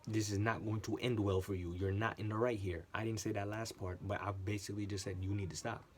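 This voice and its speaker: A man telling a workplace story in a casual, animated monologue, often repeating himself for emphasis and swearing. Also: on the low side, fast talker, slight background noise. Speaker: channel host.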